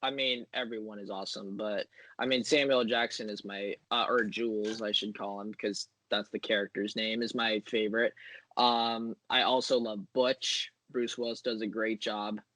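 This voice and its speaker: A man's voice: fairly low pitch, level tone, moderate pace, bright, forceful tone, no echo. Enthusiastic man gushing in casual chat. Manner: enthusiastic, rambling with many fillers. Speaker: guest.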